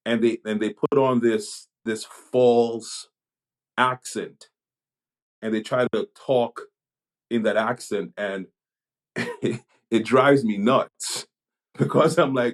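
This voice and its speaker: A Jamaica-born man, a pastor and police chaplain, talking things through in a podcast conversation, pausing and restarting his sentences as he thinks. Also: mid-range voice. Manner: reflective, halting, many restarts.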